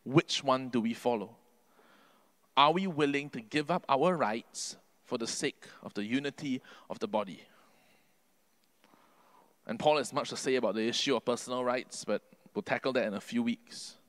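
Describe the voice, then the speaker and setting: A man's voice: moderate pace, long pauses, fairly bright tone. Earnest man preaching a sermon. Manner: earnest, rising to emphatic peaks then dropping low. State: can't sing due to covid.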